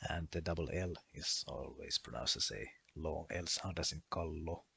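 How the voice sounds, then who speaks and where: A man's voice: rumbling low, moderate pace, creaky, bright, forceful tone, husky, no room sound. A man narrating a language lesson as a voice-over, going through pronunciation rules methodically and listing one example after another. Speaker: language explainer.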